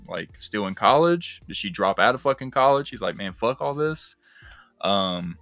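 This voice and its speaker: A man's voice: mid-range voice, no echo. A young man chatting loosely on a livestream, rambling and cursing as he riffs on movies. His voice sits in an ordinary middle register, recorded close and dry with faint music underneath. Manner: animated, swears freely, rambling with fillers. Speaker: livestream host. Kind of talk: casual movie discussion.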